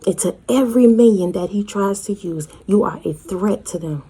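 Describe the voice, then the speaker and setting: A woman's voice: mid-range voice, normal speed, mellow, slightly rough. A woman preaching a fervent prophetic sermon, acting out voices from scripture. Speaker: online preacher.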